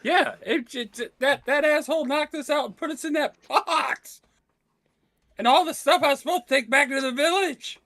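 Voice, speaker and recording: A man voicing a paranoid, jittery male tiefling who stammers excitably. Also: on the high side, unhurried, long pauses, no room sound, clean studio sound, exaggerated voice. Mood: agitated.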